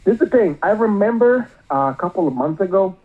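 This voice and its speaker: A man's voice: high-pitched, lively intonation, brisk. A male caller, rambling with many filler words, heard over a phone line. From Miami area.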